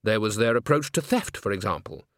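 A man reading an audiobook in measured, wry scripted narration on a close microphone. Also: fairly low pitch, lively intonation, dry recording.

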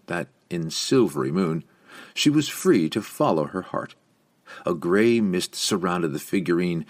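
A man narrating a fantasy novel as an audiobook, with expressive storytelling. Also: deep voice. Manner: expressive storytelling with lively inflection.

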